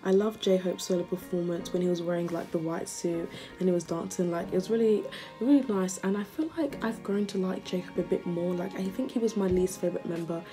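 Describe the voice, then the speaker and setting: Woman vlogger rambling excitedly, lowish voice, music going behind her. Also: fairly quick. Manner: chatty, gushing fan. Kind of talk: casual chat.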